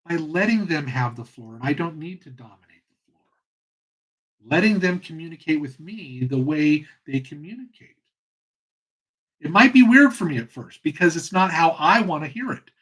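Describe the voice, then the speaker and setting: Earnest man with a husky voice. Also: a little high, expressive, fairly bright tone, low-quality recording. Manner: earnest, passionate, pauses and restarts. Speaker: host. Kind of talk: reflective solo talk.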